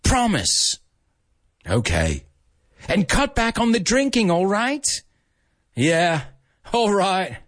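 Brief: man putting on young British rockers, rough drawl, high and lively. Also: slow pace, long pauses, no echo, clean studio sound, heavily acted. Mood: bickering. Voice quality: cockney-ish rocker drawl. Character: two young British rocker men bickering. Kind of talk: reading a film scene aloud.

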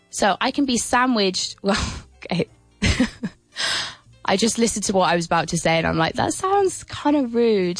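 Female radio English teacher, mid pitch, dry close sound, playful, laughs a lot, big sing-song questions. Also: no room sound. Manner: lively, playful, with many laughs. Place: radio studio.

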